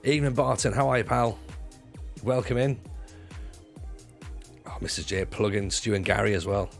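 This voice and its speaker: A man's voice: on the low side, steady tone, moderate pace, gravelly, faint music behind. A man who used to do stand-up, chatting in a jokey way with viewers on his livestream, swearing freely and restarting his sentences. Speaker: livestreamer and former stand-up comic. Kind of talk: casual livestream chat with viewers.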